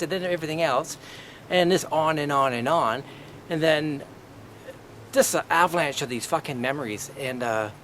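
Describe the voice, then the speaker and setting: Male vlogger, mid pitch, profane and indignant, ranting to camera. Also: fairly bright tone, a little hiss or hum. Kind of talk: angry personal rant to camera.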